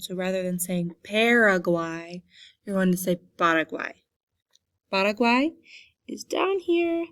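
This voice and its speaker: A woman's voice: medium pitch, creaky, a bit bright, dry recording. Young teacher lady going over a map, says each name twice, dead dry close sound. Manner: slow, repeats each name for pronunciation. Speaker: Spanish teacher. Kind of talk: geography lesson over a map.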